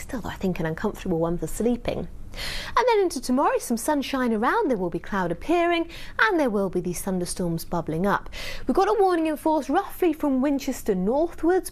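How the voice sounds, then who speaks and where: Woman, British accent, weather presenter, fairly high voice, animated and emphatic, studio. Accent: British English. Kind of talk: television weather forecast. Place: television studio.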